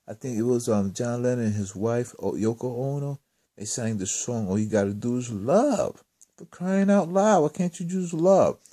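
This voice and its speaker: Rambling man with a mellow voice. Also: medium pitch. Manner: rambling, exasperated, repeats himself. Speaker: vlogger. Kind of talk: casual storytelling monologue.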